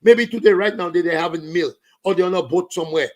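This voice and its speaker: Speaking fast in a high voice, a political commentator with a Saint Lucian accent rants with passion. He moves between English, Creole and French.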